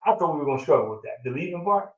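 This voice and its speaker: A man's voice: on the high side, expressive, very fast, lo-fi sound. A middle-aged man, a proud father, telling a long heartfelt story in casual chat, with many fillers and an emotional tone. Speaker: father of the groom. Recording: roomy sound from a distant mic.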